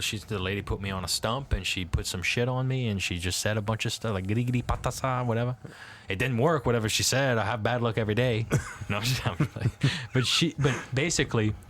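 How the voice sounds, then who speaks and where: A man's voice: mid-range voice, a little hiss or hum. A man from Louisiana, a guest historian, telling a local legend in a casual, rambling and profane way, with many restarts. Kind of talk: casual storytelling.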